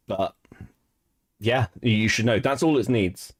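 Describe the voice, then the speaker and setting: A man's voice: on the low side, takes it slowly, pauses often. A man hosting a stream, giving crude, sarcastic commentary on a clip and laughing often. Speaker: streamer host reacting to a clip. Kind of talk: casual profane stream commentary.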